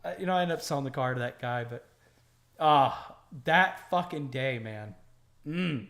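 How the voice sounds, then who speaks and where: A man's voice: medium pitch, normal speed. A man hosting a podcast, telling stories in casual chat and swearing freely as he gets worked up. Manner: profane, animated storyteller. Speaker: podcast host.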